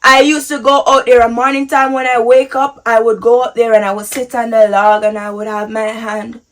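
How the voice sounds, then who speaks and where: A young Jamaican woman giving a personal testimony, animated and acting out what people said. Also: fairly high pitch, moderate pace, low-quality recording. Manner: animated, acts out quotes. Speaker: testimony speaker.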